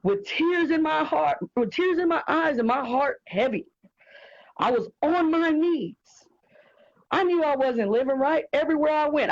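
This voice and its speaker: A woman as an interview guest, giving an earnest, heartfelt personal testimony with repeated phrases. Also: high voice. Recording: dull lo-fi sound.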